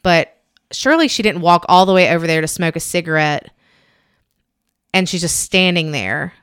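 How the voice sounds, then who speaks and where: A woman's voice: on the low side, normal speed, a bit bright, smooth, dry recording, clean studio sound. A woman, co-hosting a podcast and telling a rambling, chatty story full of "like" and acted-out quotes. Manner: rambling, chatty, heavy use of "like", acts out quotes. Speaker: podcast co-host. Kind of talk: casual chat, storytelling.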